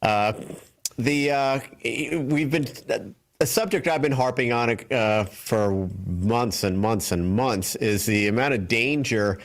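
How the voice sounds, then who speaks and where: A man's voice: mid-range voice, slow. A man co-hosting a studio talk show, commenting on political news with many fillers and an earnest, hesitant manner.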